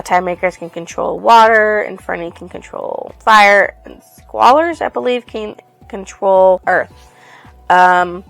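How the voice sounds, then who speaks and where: Gravelly-voiced woman rambling through a book recap. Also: medium pitch. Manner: rambling, loose, with frequent fillers and casual swearing. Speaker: book reviewer. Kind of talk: casual book review retelling.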